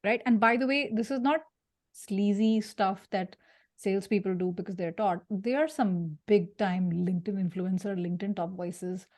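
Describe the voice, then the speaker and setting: A woman from India leading an interactive career workshop, lively and jokey, putting questions to her audience. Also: mid-range voice, normal speed. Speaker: career speaker.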